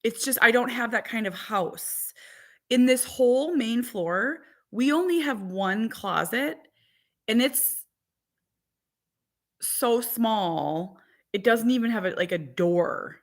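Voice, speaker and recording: A woman's voice: on the high side, lively intonation. Chatty rambling woman in her forties. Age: 40s. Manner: chatty and rambling, lots of "like", quick asides. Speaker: vlogger and mother of four. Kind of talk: casual chat to live viewers.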